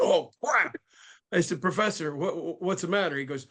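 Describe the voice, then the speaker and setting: A man who has joined a video call as a guest casually tells a funny story, voicing the people he quotes with lively shifts. His voice sits slightly high, and he talks at a normal speed.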